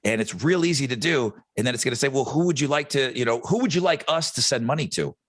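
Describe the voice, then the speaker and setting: A man's voice: medium pitch, expressive, quick pace, no echo. A man hosting a podcast, talking in an easygoing, joking way. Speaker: podcast host. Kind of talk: casual podcast chat.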